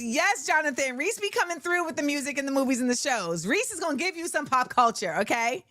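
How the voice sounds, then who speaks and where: A chatty, animated woman hosts her talk show with a slightly high voice. She is recorded dry and close, with no room sound at all. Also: fairly quick, few pauses, no echo. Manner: animated, chatty, laughs often. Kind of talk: casual solo talk show chat.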